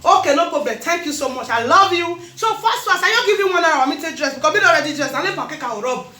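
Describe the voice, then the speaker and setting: A woman with a Nigerian accent, chatting casually in a vlog, animated and laughing often, repeating her phrases. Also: extremely high pitch, fast, roomy sound. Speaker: vlogger host.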